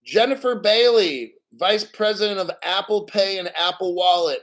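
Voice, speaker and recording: A man's voice: high-pitched, normal speed, few pauses, a bit bright. A man hosting a casual livestream, reading financial news and chat comments aloud and giving blunt, profane opinions.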